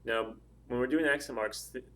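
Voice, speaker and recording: A man teaching a language lesson, explaining step by step with patient pauses and frequent ums. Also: medium pitch, fairly bright tone. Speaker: Spanish teacher.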